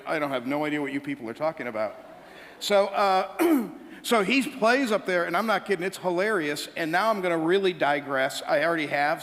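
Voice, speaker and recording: Male pastor, slightly high voice, joking sermon style, long church-hall reverb. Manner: humorous storytelling, animated asides to congregation. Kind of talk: sermon with anecdotes. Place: church sanctuary.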